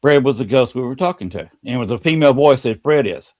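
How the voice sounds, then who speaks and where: A man hosting a podcast, telling a story in a casual, halting way and often repeating words. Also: medium pitch, expressive, a little mellow.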